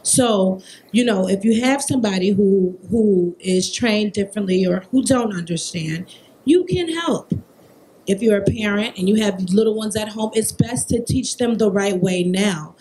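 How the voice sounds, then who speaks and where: A woman in her thirties, a behavior therapist on a festival panel, telling a personal story in an animated, emphatic way. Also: mid-range voice, normal speed, a little hiss or hum, poor audio.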